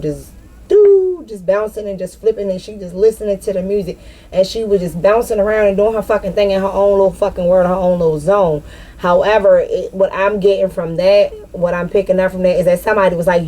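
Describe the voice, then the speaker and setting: A woman's voice: medium pitch, dark tone. A woman giving a casual spiritual tarot reading straight to the viewer, rambling and swearing freely. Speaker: tarot reader.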